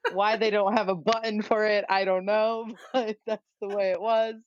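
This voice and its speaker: A woman's voice: mid-range voice, unhurried, dry recording. Woman guest rambling through a funny story, muffled dry sound. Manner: animated, self-mocking, laughs at herself. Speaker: podcast guest. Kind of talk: casual storytelling. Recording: dull dry lo-fi recording.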